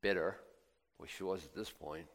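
A man preaching a sermon, swinging between quiet reflection and loud excited emphasis, acting out the voices of biblical figures and doubters. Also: sits low, normal speed, vocal fry. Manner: laughs now and then, talks in restarts.

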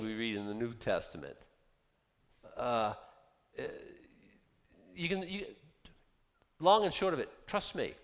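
A man in his fifties preaching a sermon in a conversational, animated way and putting questions to his listeners. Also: mid-range voice, unhurried, long pauses. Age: 50s. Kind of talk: sermon, Bible teaching. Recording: long hall reverb.

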